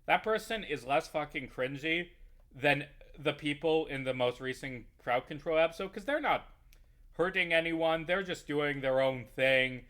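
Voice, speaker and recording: A man's voice: fairly high pitch, measured pace, a bit bright. A man giving a heated, profane, rambling rant over his gameplay. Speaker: YouTuber playing a game. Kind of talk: ranting gameplay commentary.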